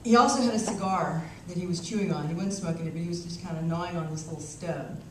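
A woman's voice: lowish voice, fast. A woman delivers a keynote as a wry, self-mocking story. Her voice sits far off in a large, reverberant hall, recorded on a small camcorder with light background noise. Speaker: keynote speaker. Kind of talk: storytelling speech.

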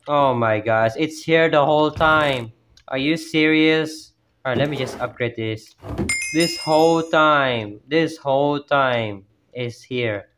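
A jumpy man yelps and exclaims through a horror map, chatting to himself as he gives gameplay commentary at home with family nearby. His voice is a little high and a bit bright.

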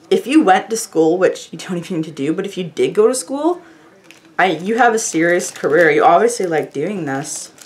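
Woman, casual vlog chat, gushing, swoops up and down, faint hiss. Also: mid-range voice. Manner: gushing, effusive; chatty, rambling with fillers. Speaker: beauty vlogger opening fan mail.

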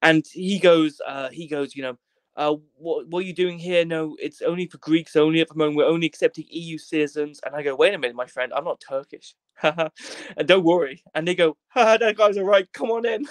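A young Welsh man spins a long, rambling anecdote as a podcast guest, joking and swearing as he goes. His voice sits a little high for a man and sounds close and dry, with no room around it. He slips into other people's voices to act out the story. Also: no echo. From Wales. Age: young adult. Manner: rambling, jokey, swears freely, acts out voices in quotes.

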